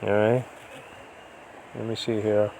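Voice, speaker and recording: A man teaches biblical Greek in a rambling, chatty livestream from the cement-block house he built himself, during a typhoon, digressing often and filling gaps with ums and restarts. His voice is on the low side, slow, creaky and warm, with little pitch movement and slight background noise.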